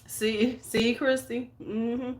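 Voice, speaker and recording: A woman's voice: a little high, flat delivery, very slow. A woman with a Chicago accent, a beauty vlogger in casual livestream chat, rambling with lots of fillers and restarts and greeting viewers by name. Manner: talks to viewers by name while getting ready.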